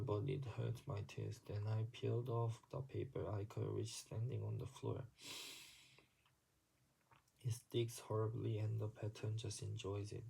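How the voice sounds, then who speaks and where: A man reading a literary story aloud, haltingly, with frequent slips and restarts. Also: lowish voice, creaky, dark tone, breathy edge, low-quality recording. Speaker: reader.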